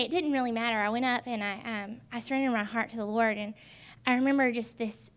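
A woman in her twenties telling her personal faith testimony in an earnest, halting way with many pauses. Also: on the high side. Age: 20s. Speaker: testimony speaker.

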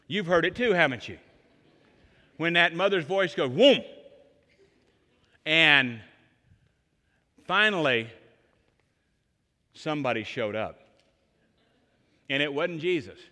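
A man in his sixties preaching an Easter sermon, telling stories and swinging between loud emphatic lines and hushed ones, in a large church. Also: a little high. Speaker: pastor. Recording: long hall reverb.

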